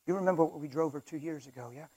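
A man voicing a commanding, scheming male devil who orders his minion around in a low voice. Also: racing, dark tone, breathy edge, poor audio. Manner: low, scheming, then scolding.

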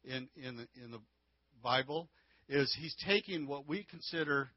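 A man's voice: medium pitch, normal speed. Guy teaching a marriage class at church, chatty and rambling, dull lo-fi mic, no room echo. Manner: folksy, conversational teaching with many restarts. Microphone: handheld mic.

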